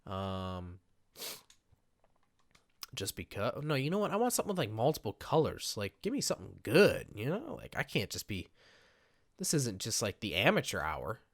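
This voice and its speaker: A man's voice: fairly low pitch, wildly swooping pitch, normal speed, pauses often, dry recording, clean studio sound. A man giving casual, rambling gameplay commentary at his computer setup. He talks in a chatty, self-mocking way. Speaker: gaming video creator.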